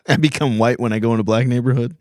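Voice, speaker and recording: A man's voice: medium pitch, darkish tone, no echo. Man, comedian, podcast host, from Virginia, profane rambling stories, laughs a lot, dry close sound. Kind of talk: casual comedy podcast chat.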